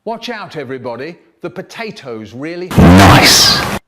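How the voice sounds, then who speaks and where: A man voicing a stern, blustering father who speaks slowly with a warning tone. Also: medium pitch, big pitch swings, heavy background noise. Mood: spluttering.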